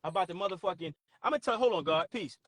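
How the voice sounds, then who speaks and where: A man's voice: high voice, animated, fast, fairly bright tone, no echo, clean studio sound. Profane, preachy man hosting a stream. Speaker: host. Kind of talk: live stream talk with callers.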